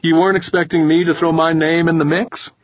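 A woman's voice: low voice, level tone, a little fast, dry recording, pitched above the performer's own voice. A man voicing a determined young woman. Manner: firm and direct, a little hesitant when challenged. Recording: dull, dry, slightly muffled recording.

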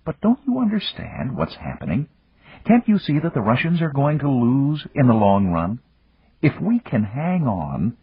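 Narrating an audiobook, a man voices a composed woman president, pushing his husky, medium-pitched voice up into a lighter, exaggerated register with huge pitch swings. He speaks at normal speed, firm and insistent as if lecturing. The recording is dry, dull and lo-fi.

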